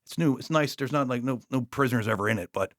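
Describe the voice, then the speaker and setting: A man with a New York accent, a police officer telling his story as a guest in a blunt, profane, animated way. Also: medium pitch, fast talker, no room sound, studio quality.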